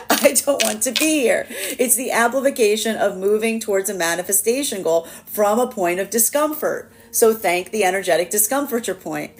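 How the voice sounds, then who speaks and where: A woman giving a live tarot reading in a chatty, animated way, with lots of fillers and laughter. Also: lowish voice, a little hiss or hum. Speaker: tarot reader.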